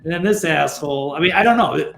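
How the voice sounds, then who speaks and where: This is a man with a slightly high voice, a guest on a political chat show. He talks bluntly, swears casually and sounds fed up with the people he is criticizing. His voice bounces around an echoey room, with faint music behind him. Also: lively intonation, fast, gravelly, fairly bright tone. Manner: blunt, profane and exasperated.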